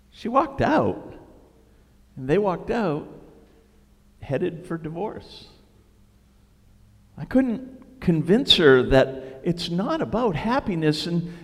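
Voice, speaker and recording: A middle-aged man preaching a sermon, telling stories in an animated, self-deprecating way. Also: high voice, long reverb tail. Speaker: pastor.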